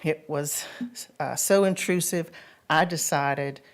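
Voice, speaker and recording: A woman in her seventies reading a measured, formal public comment at a county board meeting. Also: sits low. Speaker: resident speaking at public comment.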